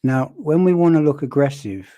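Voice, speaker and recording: A man casually commenting on a video clip, talking in a wry, conversational way with pauses and restarts. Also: a little high, expressive, warm tone, dry recording.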